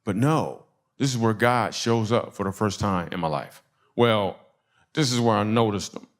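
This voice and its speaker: A man's voice: fairly low pitch, moderate pace. A man from Michigan doing a stand-up comedy set, telling stories and acting out the people in them. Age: adult. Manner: animated, acts out quoted voices, laughter in the crowd.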